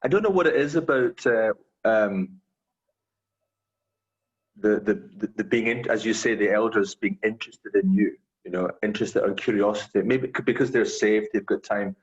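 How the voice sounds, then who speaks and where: A man's voice: on the low side, normal speed. A man chatting casually in a group video call, rambling and laughing easily. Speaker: study group participant. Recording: dull lo-fi call audio.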